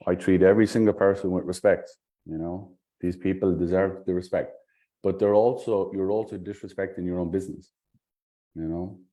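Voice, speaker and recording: A man's voice: low-pitched, fairly even intonation, moderate pace, dark tone. A man working as a sales coach, giving a blunt, scolding critique and swearing often.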